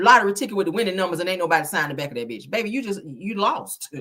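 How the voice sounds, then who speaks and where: She talks very fast in a lowish, animated voice with a sharp tone. Hosting a casual chat, she reads viewer comments with flair and sass, curses a lot and calls people "baby" and "child."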